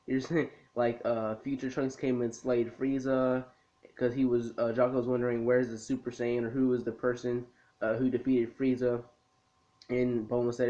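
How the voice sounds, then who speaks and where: This anime review vlogger has a medium-pitched, darkish voice with little pitch movement and a moderate pace. He casually recaps a cartoon episode for his video review in a laid-back, rambling way, full of ums and restarts. The lo-fi recording sounds slightly muffled.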